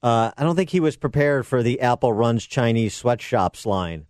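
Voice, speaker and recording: A man's voice: mid-range voice, lively intonation, moderate pace, darkish tone, no room sound. A man hosting a political talk radio show, delivering sarcastic and combative commentary into a studio microphone.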